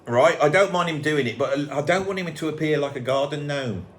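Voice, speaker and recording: A man from England hosting a casual chat show, animated, jokey and rambling. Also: on the high side, brisk. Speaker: host.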